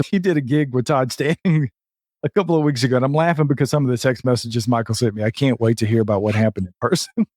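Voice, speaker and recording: A man's voice: mid-range voice, darkish tone, no room sound, clean studio sound. A man hosting a live podcast, upbeat and chatty, greeting viewers in the chat as he talks. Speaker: podcast host.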